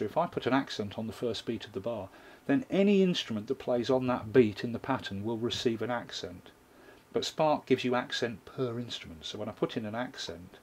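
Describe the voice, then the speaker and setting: A man's voice: mid-range voice, slightly rough. A man giving a hands-on tutorial, explaining a drum machine's sequencer step by step while he plays it. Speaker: music gear reviewer.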